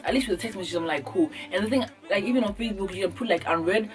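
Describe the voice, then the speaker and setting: A young woman from Ghana talking on her beauty vlog, joking and acting out everyday moments with sudden jumps in her voice. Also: mid-range voice. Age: young adult. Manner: animated, acts out little scenes with sudden jumps in voice. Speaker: beauty vlogger. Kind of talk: casual comedic vlog monologue. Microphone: camera mic.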